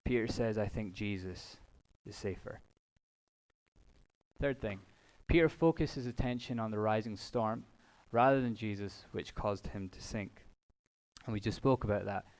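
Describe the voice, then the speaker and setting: Young male preacher, lowish voice, casual and humorous sermon delivery. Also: poor audio. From United Kingdom. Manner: casual, joking, conversational storytelling. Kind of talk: sermon with scripture reading. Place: church hall.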